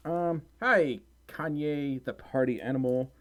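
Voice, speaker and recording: Tired guy from mississippi reading chat on stream, kinda high voice, giggly and rambly. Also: measured pace, a little hiss or hum. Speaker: livestream host reading chat. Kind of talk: casual livestream chat. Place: home room.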